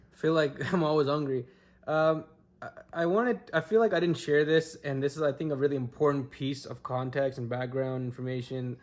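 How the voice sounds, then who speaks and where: A man's voice: mid-range voice, fairly even intonation, moderate pace. A man in his thirties vlogging candidly to camera, open and reflective, often laughing and using fillers. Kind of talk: candid personal vlog talk.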